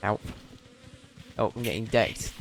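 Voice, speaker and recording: A man's voice: lowish voice, a little slow, noisy background. A young Englishman chatting casually and rambling with self-mocking humour while streaming a game. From England.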